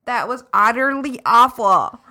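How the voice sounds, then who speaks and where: A woman with a high, bright voice banters in a relaxed chat with friends. She is playful and giggles easily. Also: unhurried. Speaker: podcast co-host. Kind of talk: casual chat among friends.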